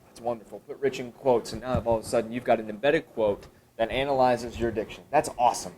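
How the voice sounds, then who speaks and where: A man talks quickly while leading a teacher training session for a live audience in a high school room, thinking aloud and posing questions he then answers himself. His delivery is animated, with his pitch leaping up for emphasis. The professional development workshop was captured by a camera at the live event, with a slight hiss or hum.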